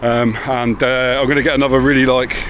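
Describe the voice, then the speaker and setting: A man's voice: medium pitch, little pitch movement, fairly quick, a bit bright. A man casually vlogging as he walks around town, rambling and laid-back with the odd swear word. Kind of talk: casual walking vlog. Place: outdoors on town streets and in a car. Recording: street noise behind.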